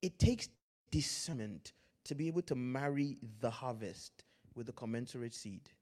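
A man preaching a sermon, swinging from loud, drawn-out lines to hushed asides, with Pidgin phrases mixed in. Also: medium pitch. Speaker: pastor.

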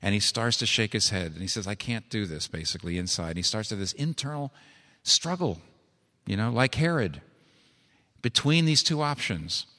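A low-voiced male preacher delivering a sermon in a church, earnest and intimate one moment, then pressing hard and climbing in urgency. His words ring out with a long reverb through the large sanctuary. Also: lively intonation, normal speed, pushed and bright. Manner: earnest, rising to urgent exhortation.

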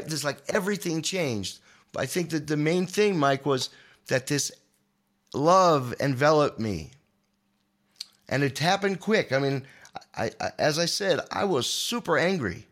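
With a medium-pitched voice, a sixty-something guitarist appearing as a podcast guest relates an emotional tale in an animated, manic way, repeating words often.

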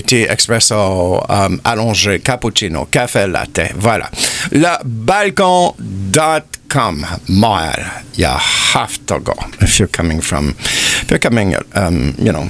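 A man hosting a radio show in casual chat, unhurried and rambling, trailing off with ums and dropping phrases into his English. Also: lowish voice, a bit bright. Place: radio studio.

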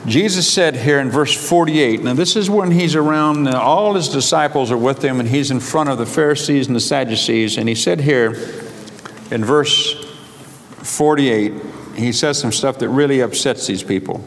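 A man preaching a sermon, reading scripture aloud with a slow, drawn-out, emphatic delivery. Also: medium pitch. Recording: long hall reverb, faint background noise.

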